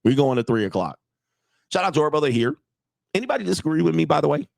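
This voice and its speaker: A man's voice: on the high side, sing-song, quick pace, vocal fry, no room sound, studio quality. Blunt, profane male livestream coach. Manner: blunt, profane, repetitive, asks the audience for agreement. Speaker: dating and relationship coach streaming live. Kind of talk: casual livestream monologue.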